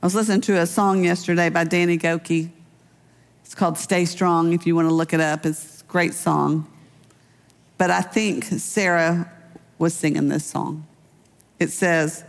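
A middle-aged woman pastor preaching in a relaxed, conversational way, weaving personal stories into her sermon. Her voice has a gravelly edge, and it rings out with a long reverb through a large church hall. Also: on the low side, moderate pace. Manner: personal storytelling with light laughs.

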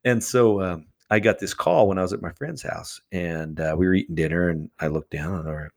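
A man telling a story as a guest in an interview, acting out the quoted exchanges with animated voices. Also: sits low, fairly quick, vocal fry. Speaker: charity founder, guest.

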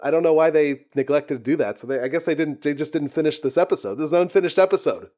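A man's voice: a little high, fast talker, warm tone. A young man co-hosting a podcast, talking loosely and profanely, laughing often as he rambles. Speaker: podcast co-host. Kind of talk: casual chat.

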